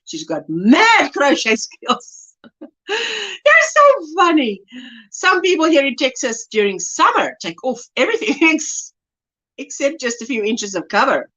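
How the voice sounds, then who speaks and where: A woman's voice: high voice, very animated, unhurried, bright, forceful tone. A woman hosting a casual livestream, bubbly and laughing often as she reads chat comments aloud. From South Africa. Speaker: livestream host.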